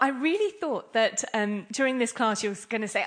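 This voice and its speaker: A woman's voice: a little high, animated, moderate pace. A woman giving an interactive scripture class, playful and laughing often as she quizzes her listeners. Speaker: class speaker.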